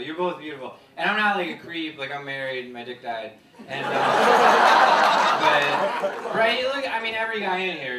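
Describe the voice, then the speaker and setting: A man's voice: a little high, very noisy. A man hosting a comedy show on stage, doing playful, laughing crowd work and joking at his own expense. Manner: playful, laughing, self-deprecating banter. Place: large theater on stage. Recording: echoey hall, distant mic, loud crowd. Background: loud audience laughter.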